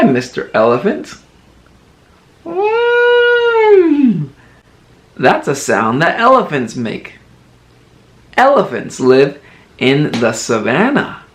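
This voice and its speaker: Male kids' entertainer and teacher; very slow, animated, encouraging delivery for toddlers. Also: on the high side. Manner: slow, exaggerated, encouraging sing-song for toddlers; playfully imitates animal sounds. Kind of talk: children's educational video.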